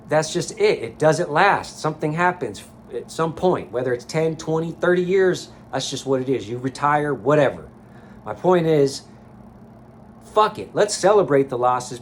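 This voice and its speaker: A man's voice: medium pitch, a little hiss or hum. A man giving a blunt, profane motivational rant to camera as a life coach vlogger, recorded in a sauna.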